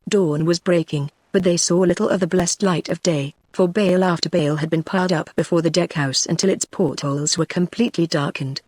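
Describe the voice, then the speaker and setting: A text-to-speech voice of a woman with a British English accent, reading an audiobook in an even, steady way. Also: fairly low pitch, fairly quick, hardly any pauses, no room sound. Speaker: audiobook narrator.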